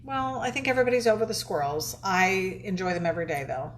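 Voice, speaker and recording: A woman's voice: medium pitch, quick pace, a little hiss or hum. A woman co-hosting a casual live stream, laughing often and welcoming viewers by name. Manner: giggly, reads out viewer names. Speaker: co-host of a live art stream.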